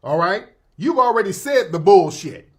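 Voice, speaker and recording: Male commentator clip, high voice, emphatic lecturing, pushes with "you understand?". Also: big pitch swings, moderate pace. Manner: emphatic, lecturing, rhetorical asides. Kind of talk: commentary clip played on stream.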